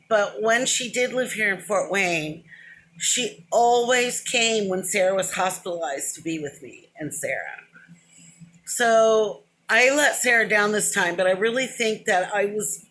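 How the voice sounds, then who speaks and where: A woman's voice: medium pitch, fairly bright tone, a little hiss or hum. A middle-aged woman rambling to a close camera in a casual, emotional vlog monologue, drifting between thoughts with "but anyway". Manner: rambling, self-described, wanders off and says "but anyway"; emotional, openly talks about crying. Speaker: vlogger. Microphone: camera close to the face, within arm's reach.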